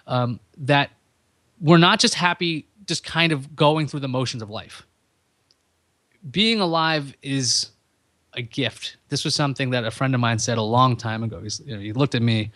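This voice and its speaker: A man's voice: mid-range voice, fairly bright tone, no room sound. Male podcast host with a middle-range voice, a wandering self-mocking monologue, recorded dry. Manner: rambling, self-deprecating, stream of consciousness.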